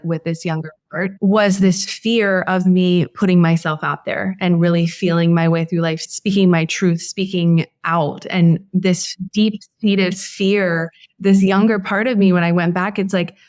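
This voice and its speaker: A woman's voice: fairly low pitch, fairly even intonation, measured pace, few pauses, darkish tone, dry recording, studio quality. Earnest, heartfelt woman podcast host. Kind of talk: casual conversation.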